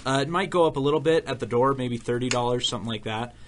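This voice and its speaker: Rambling man pitching a gaming convention. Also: quick pace, a little hiss or hum. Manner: rambling, filler-heavy, joking. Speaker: convention PR guest. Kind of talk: casual radio chat. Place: radio studio.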